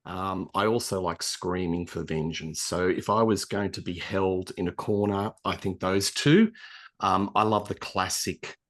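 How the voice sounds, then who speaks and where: An Australian man appearing as a guest on a casual online chat show. His voice sits fairly low, and he tells his stories in a relaxed, easygoing way. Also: measured pace. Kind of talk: casual chat over a video call.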